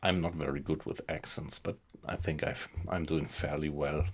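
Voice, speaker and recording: A man chatting casually with viewers while he plays a game live from his small home computer room, relaxed and unhurried. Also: very deep voice, breathy edge. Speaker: game streamer. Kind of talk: casual live-stream chat while playing.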